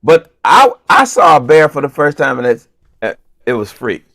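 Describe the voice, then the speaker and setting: A comedian co-hosting a talk show tells a funny story, his fairly high voice at normal speed with some vocal fry. He's casual and playful, animated as he acts out the dialogue.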